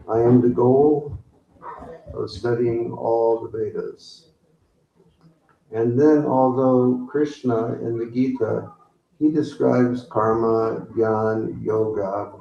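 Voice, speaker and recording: A man giving a spiritual talk, teaching slowly and asking the audience questions. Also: medium pitch, creaky, mellow, a little hiss or hum. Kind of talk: sermon. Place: temple hall with audience. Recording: roomy, distant, dull hall recording.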